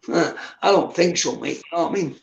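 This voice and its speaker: Gravelly sweary man, echoey room. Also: on the high side, lively intonation, a little fast, lo-fi sound. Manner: blunt, sweary, says "mate" constantly. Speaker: guest on a live stream. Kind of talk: casual chat.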